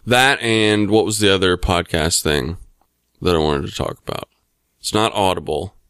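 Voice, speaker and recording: Profane, rambling man with a smooth voice. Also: deep voice, moderate pace, a bit bright, no room sound, studio quality. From United States. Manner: rambling, profane, lots of fillers. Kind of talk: casual chat.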